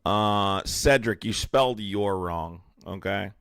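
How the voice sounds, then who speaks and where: A young man's low voice, recorded close and dry with no room sound. He hosts a live stream and fires back at commenters by name. His delivery is heated and combative, with sudden rises into indignation. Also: slow pace, a bit bright, clean tone, no room sound. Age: young adult. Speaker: livestream host. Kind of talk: live-stream chat, reacting to viewer comments.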